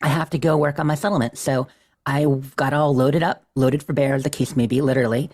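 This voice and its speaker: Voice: medium pitch, fairly even intonation, brisk, darkish tone. A chatty podcast co-host recapping a game session with a medium voice. The delivery is self-deprecating and easygoing, and laughs come often. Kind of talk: casual chat recapping a game playthrough.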